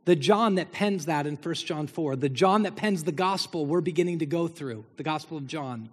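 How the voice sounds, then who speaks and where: In a church sanctuary, a male pastor preaches a sermon, building emphasis through repeated phrases. His voice is a bit high and slightly rough at normal speed, with long hall reverb on the recording.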